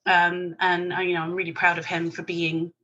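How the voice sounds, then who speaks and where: A woman's voice: lowish voice, little pitch movement, normal speed, pushed and bright, lo-fi sound. A woman guest on a podcast, chatting casually and bluntly with mild swearing. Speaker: podcast guest, virtual assistant business owner.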